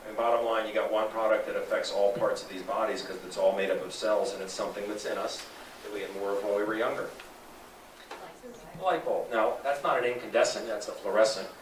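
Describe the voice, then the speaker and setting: A lower-voiced man makes an animated sales pitch to a live audience, asking the crowd questions. He sounds set back from the mic in an echoey room. A faint hum of the room sits behind him. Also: fast talker, distant mic. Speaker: presenter at a sales talk.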